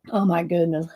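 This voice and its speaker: A woman talking casually through a mixed-media craft tutorial, hoarse and losing her voice, often clearing her throat and muttering to herself as she paints. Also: medium pitch, a little mellow, a little hiss or hum. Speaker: mixed-media art creator.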